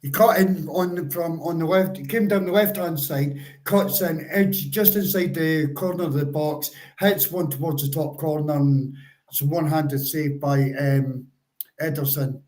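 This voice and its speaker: A man's voice: on the high side, a little slow, darkish tone. A man co-hosting a live football watchalong, chatting casually and describing the match action.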